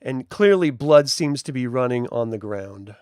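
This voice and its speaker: A man's voice: mid-range voice, animated, measured pace, a little mellow, smooth, no room sound, clean studio sound. A man narrating a tabletop game as game master, describing scenes and laughing easily.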